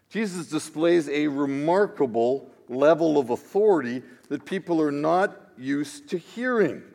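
A man, a pastor, preaching a sermon in an expressive style that swings between hushed asides and emphatic declarations. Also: medium pitch. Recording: long reverb of a large hall.

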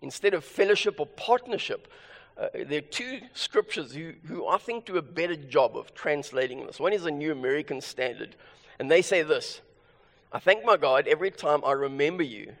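Male pastor, high voice, emphatic sermon delivery, long hall reverb. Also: lively intonation, normal speed. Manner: emphatic, repeats key phrases.

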